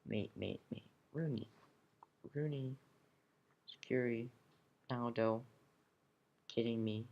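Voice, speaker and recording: Slow, gravelly teenage boy grumbling. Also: mid-range voice, steady tone, muffled recording. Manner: grumbling, swearing, drops to whispers. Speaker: gamer opening card packs. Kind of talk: casual gameplay commentary.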